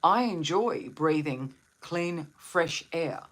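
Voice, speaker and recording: A woman's voice: low-pitched, animated, takes it slowly, a bit bright. A woman hosting a live stream on wellbeing, talking to viewers in a soothing, reflective way and asking them questions. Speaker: meditation and wellbeing host.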